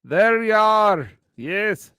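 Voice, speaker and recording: A man's voice: high-pitched, animated, drawn-out words, pushed and bright, smooth, dry recording, clean studio sound. A man hosting a comedy morning show, teasing his co-host and chuckling often.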